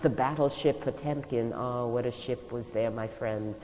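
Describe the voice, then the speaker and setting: A woman voicing a fervent, tearful old male communist mentor who lectures and shouts in a storybook reading. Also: a bass voice, normal speed, in a large hall, slight background noise, rough recording. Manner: shouting, preachy, sweeping speech.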